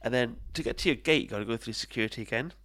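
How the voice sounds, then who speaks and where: A tired, jet-lagged podcast co-host with a medium-pitched, slightly bright voice talks at a racing pace in a casual chat. He rambles through anecdotes, swears a lot, and laughs often.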